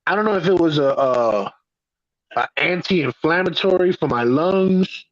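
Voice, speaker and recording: A man hosting a podcast, telling stories in a profane, animated way in a casual chat. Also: a little high, a little slow, highs cut off. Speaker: podcast host.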